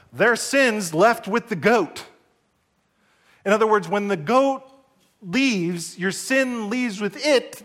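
High-voiced emphatic male preacher. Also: a bit bright. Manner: emphatic, rising to high bursts on key points. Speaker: pastor. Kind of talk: sermon. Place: church service.

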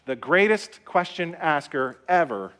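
A man's voice: fairly high pitch, expressive, measured pace, fairly bright tone, clean tone. A middle-aged man preaching a sermon as pastor, emphatic and repetitive, leading the congregation to say lines back. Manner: emphatic, repetitive, call-and-response. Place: church sanctuary.

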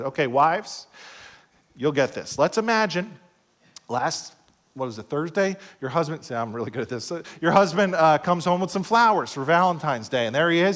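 A middle-aged pastor preaching a sermon, swinging between loud passages and hushed asides and acting out quoted voices. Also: male voice, fairly high pitch. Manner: acts out quoted voices in short skits.

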